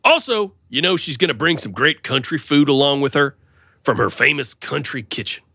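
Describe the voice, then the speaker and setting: A man chatting on a comedy podcast, his pitch bouncing all over the place. His voice is bright and forward, and the recording is close and dry with no room sound. He stays playful and keeps breaking into silly voices. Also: expressive, normal speed, creaky, slightly rough, no room sound. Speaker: podcast co-host. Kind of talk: casual comedic chat.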